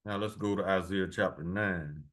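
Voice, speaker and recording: A man reading scripture verses slowly and adding blunt, profane commentary between them. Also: low-pitched, a bit bright. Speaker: preacher.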